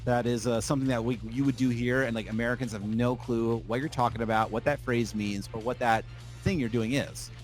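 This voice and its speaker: A man's voice: medium pitch, brisk, faint music behind. A man from New Jersey with a New Jersey accent, hosting a casual podcast chat and rambling through stories full of fillers. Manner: rambling, filler-heavy, animated storytelling. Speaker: podcast host.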